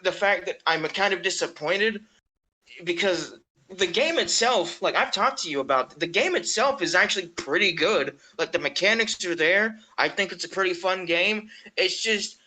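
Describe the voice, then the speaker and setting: A young adult man co-hosting a casual podcast, chatty and quick to laugh, swearing casually. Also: high voice, pushed and bright, low-quality recording. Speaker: podcast co-host. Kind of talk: casual gaming chat.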